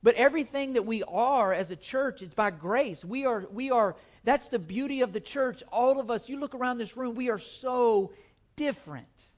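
A man's voice: very high voice, normal speed. A man preaching a sermon to his church, earnest and emphatic, often repeating his key phrases. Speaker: pastor. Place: church sanctuary.

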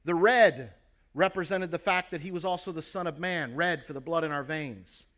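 A man delivers a sermon in a slightly higher voice. He tells the story earnestly and speaks straight to his listeners. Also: moderate pace, a bit bright. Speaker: preacher.

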